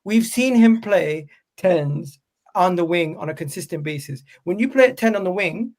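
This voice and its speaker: Insistent North American man, high voice. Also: expressive, normal speed, a little mellow. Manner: insistent, stammers and repeats himself when arguing. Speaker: football podcast host. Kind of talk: heated football debate.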